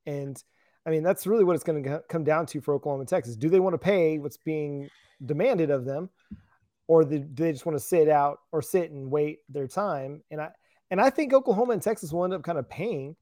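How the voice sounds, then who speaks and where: A man's voice: fairly high pitch, a little fast, a little mellow, no room sound, clean studio sound. A man co-hosting a casual sports talk show, laid-back and self-deprecating.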